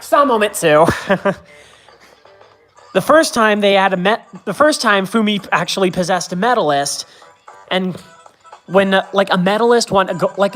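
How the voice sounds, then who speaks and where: A young woman streamer chatting casually about a show, rambling and correcting herself, with frequent giggles. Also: lowish voice. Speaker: game streamer. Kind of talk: casual game commentary.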